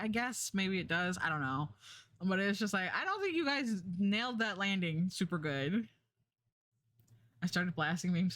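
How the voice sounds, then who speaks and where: A woman's voice: medium pitch, fairly bright tone, no echo, clean studio sound. A woman streamer chatting casually, rambling with lots of fillers and restarts, swearing and laughing as she recaps a show while doing a puzzle. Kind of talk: casual chat.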